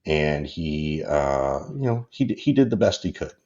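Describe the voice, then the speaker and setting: With a rumbling low, warm voice, this podcast guest in his fifties is very animated yet unhurried, and the audio sounds dull. He shares personal stories casually in an interview, rambling, candid, and laughing along.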